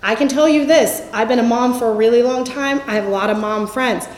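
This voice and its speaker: A middle-aged woman gives a candid Christian teaching talk, conversational and full of stories, often letting her thoughts trail off softly. Her voice is on the high side and brisk, and the sound is reverberant.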